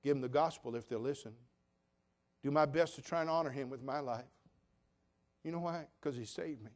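Preaching at a brisk clip, a pastor from Cherokee tells folksy stories in his sermon with a medium-pitched, darkish voice. He's earnest and plain-spoken and performs the quoted voices.

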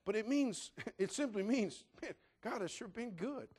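An older man preaching a sermon in a church in an animated, joking, conversational way. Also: high voice, moderate pace, husky. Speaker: pastor.

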